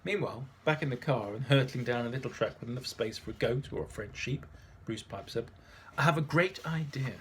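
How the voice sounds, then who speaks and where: A man's voice: mid-range voice, brisk, hardly any pauses, slight background noise. A man narrating his memoir in a dry, wry manner.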